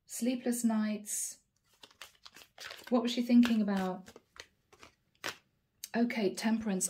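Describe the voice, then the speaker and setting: A woman's voice: medium pitch, a little slow, long pauses, warm tone. A woman giving a channeled tarot reading, musing aloud and naming each card in short bursts. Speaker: tarot reader.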